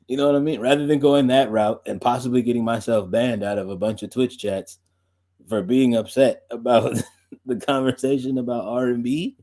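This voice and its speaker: A man's voice: medium pitch, fairly even intonation, moderate pace, warm tone. A young man hosting a podcast and stream, chatting loosely with lots of fillers and laughs. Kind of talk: casual rambling chat.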